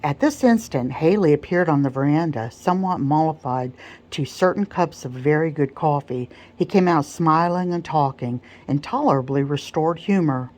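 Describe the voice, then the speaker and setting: A woman narrating an audiobook in a soft-spoken ASMR style, calm and measured. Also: low voice.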